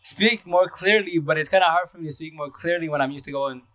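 Fast-talking man on a casual live stream. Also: fairly high pitch, steady tone, fairly bright tone, no echo. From Seattle area. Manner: fast, rambling talk with restarts. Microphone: phone.

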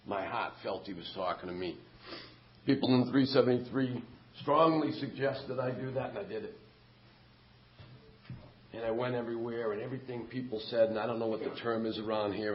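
A man's voice: on the low side, a little hiss or hum. Middle-aged man, frank and wry, speaking in a meeting hall on a dull recording. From Massachusetts, USA. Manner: candid and self-mocking. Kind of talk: personal story at a meeting.

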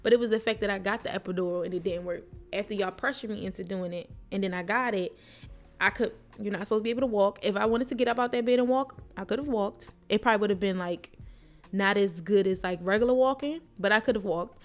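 A young woman co-hosting a podcast tells a candid personal story in a blunt, unfiltered way, swearing freely. Her voice is medium-pitched, and she slips into quick impressions of the nurses and herself. Faint music plays underneath.

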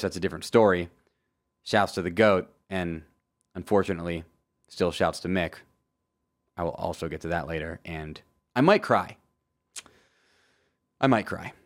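A young man from Florida giving a casual, joking race recap with lively asides and sudden loud outbursts. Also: fairly low pitch. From Florida, USA. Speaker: motorsport commentator. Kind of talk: casual video commentary.

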